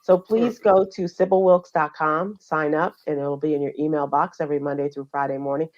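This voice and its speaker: A woman's voice: sits low, fairly even intonation, muffled recording. A middle-aged woman hosting a radio show, going over the news in casual chat and talking with fillers and restarts. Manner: conversational, halting with fillers.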